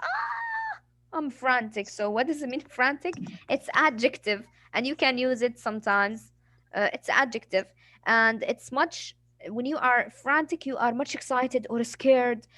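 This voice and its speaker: High-voiced woman teaching English vocabulary. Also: a little slow, sharp tone, dry recording. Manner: patient explaining, acts out examples. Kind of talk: classroom vocabulary lesson.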